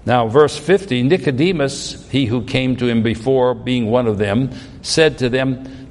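A man's voice: medium pitch, expressive, moderate pace, few pauses, big-room sound. A man preaching a sermon, pressing his point with emphatic rhetorical questions. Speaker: pastor.

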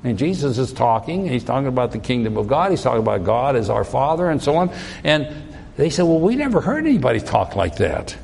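A man's voice: medium pitch, very animated, fairly quick, vocal fry, darkish tone, in a large hall, a little hiss or hum. A man preaching a sermon, pressing his point with emphatic rhetorical questions. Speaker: pastor.

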